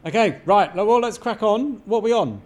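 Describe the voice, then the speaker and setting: A man's voice: high-pitched, animated, fairly quick, darkish tone. Blunt swearing man, casual podcast host. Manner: blunt, swears, dry banter. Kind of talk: casual chat. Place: home garage studio.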